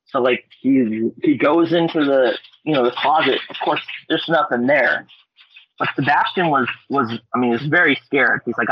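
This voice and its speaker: A man from Alaska, a podcast guest, telling ghost stories in a casual way, with lots of fillers and animated quotes. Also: moderate pace, slightly rough, no room sound. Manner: animated, acts out quotes with loud high-pitched voices; laid-back, frequent fillers and swearing. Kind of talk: casual storytelling. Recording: dull lo-fi podcast audio.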